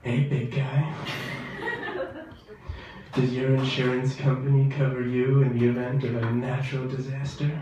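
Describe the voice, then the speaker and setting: A man putting on a seductive female radio advertisement voice, low and breathy, in a comedy bit. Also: monotone, normal speed, long pauses, dull audio, noisy background, close to an everyday voice. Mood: sultry. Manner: breathy purring whisper. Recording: echoey club from far off.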